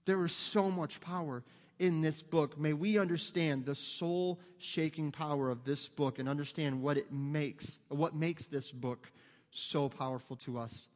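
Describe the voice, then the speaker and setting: High-voiced pastor preaching animatedly. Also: male voice, unhurried. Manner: animated, conversational preaching with humor and asides. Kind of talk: sermon. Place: church sanctuary. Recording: long hall reverb.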